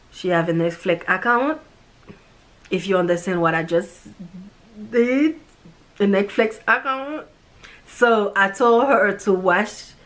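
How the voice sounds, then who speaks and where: A woman's voice: medium pitch, fairly bright tone. A woman casually reviewing a movie, gushing and repeating the same words of praise again and again. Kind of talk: casual chat.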